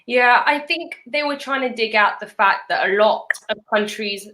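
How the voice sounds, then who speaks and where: A woman hosting a casual chat, talking in a lively way, often laughing and jumping up in pitch. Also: normal speed, a little hiss or hum. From Europe. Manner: chatty, laughing, animated pitch jumps. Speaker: YouTube host.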